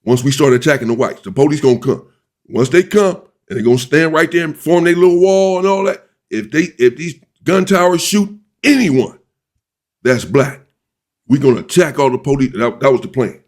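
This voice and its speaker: A man telling, in first person, a story of a riot he took part in while in prison; he talks deliberately and often restates his points. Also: a little high, animated, darkish tone. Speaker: former inmate recounting a prison riot.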